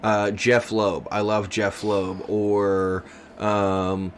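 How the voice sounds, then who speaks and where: A man's voice: fairly low pitch, little pitch movement, extremely slow, slight background noise. A man in his thirties co-hosting a podcast, chatting casually and joking, rambling with lots of fillers. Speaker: podcast co-host. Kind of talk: casual chat.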